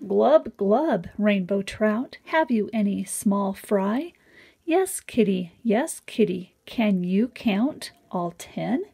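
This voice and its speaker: Slow, breathy woman reading a picture book aloud. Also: mid-range voice, lively intonation, warm tone. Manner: slow, sing-song read-aloud with lifted animal sounds. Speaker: reader of a children's picture book.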